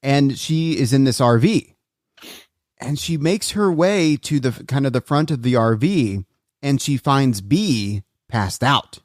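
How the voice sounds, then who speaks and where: A man co-hosting a podcast, recapping a documentary in casual chat with animated storytelling. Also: mid-range voice, slow, no echo, studio quality. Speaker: podcast co-host.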